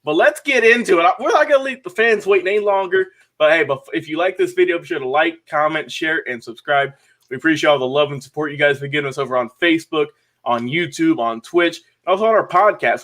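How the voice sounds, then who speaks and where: A man's voice: on the high side, fairly bright tone. A young man co-hosting sports talk radio as producer, with an upbeat, hype-man delivery.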